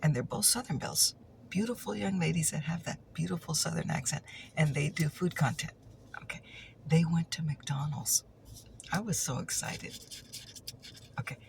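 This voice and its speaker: A woman's voice: low voice, moderate pace, vocal fry, pauses often, a little hiss or hum. A woman telling a chatty ASMR story, teasing and repeating her punchlines, sometimes dropping into a whisper.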